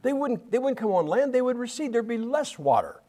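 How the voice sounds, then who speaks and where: A man's voice: very high-pitched, very animated, brisk, dark tone. A man preaching a folksy, rambling sermon, full of restarts and asides.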